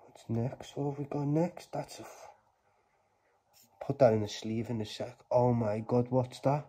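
A man chatting casually to viewers as he opens card packs, bursting into loud exclamations between quieter mumbled remarks. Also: medium pitch, steady tone, a little slow, slightly rough. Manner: slangy, chatty address to viewers. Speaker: YouTuber opening trading card packs. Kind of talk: casual vlog commentary.

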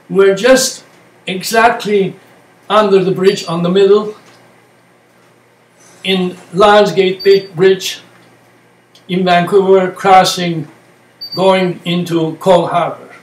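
A meditation teacher, a man with a high voice, talks very slowly in short, halting phrases and plain words. The mic sits well away from him in a roomy, echoing space, with faint noise in the background. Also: steady tone. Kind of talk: slow reflective talk. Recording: echoey room, distant mic, faint noise.

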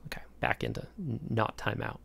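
A man's voice: lowish voice, lively intonation, fairly quick, gravelly, a bit bright, husky. A man lecturing college students in a casual, conversational way, often stepping aside to speak to them directly. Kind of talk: recorded lecture.

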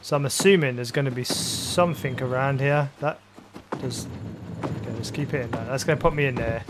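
A gaming channel host plays a video game and thinks aloud in casual let's play commentary, muttering and using fillers. His mid-range voice moves a little fast, with background music and heavy background noise behind it.

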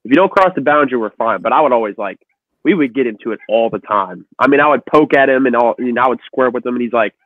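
A man hosting a casual conversation, telling animated stories and acting out the voices of the people in them. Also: mid-range voice, quick pace, no echo. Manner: animated storyteller, acts out voices in quotes. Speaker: host. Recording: dry, phone-like audio.

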